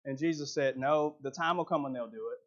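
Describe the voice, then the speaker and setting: A man's voice: medium pitch, fairly quick, a bit bright, lo-fi sound. A man preaching a sermon, emphatic, rising and dropping his voice for effect.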